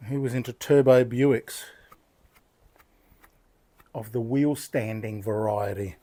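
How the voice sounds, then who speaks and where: A man's voice: medium pitch, slow pace, long pauses, dark tone. An older Australian man, a knife-sharpening host, chatting casually and telling rambling, good-humoured stories while he demonstrates.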